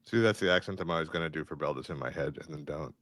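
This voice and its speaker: A man's voice: rumbling low, racing, a bit bright. A man joking around as a player in a tabletop game.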